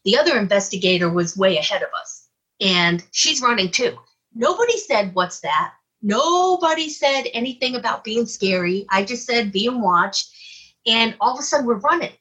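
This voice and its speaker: Casual guest storyteller, a woman with a husky, bright voice, lively and expressive. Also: fairly high pitch, normal speed, muffled recording. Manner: animated, acts out her own reactions. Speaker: guest, UFO investigator.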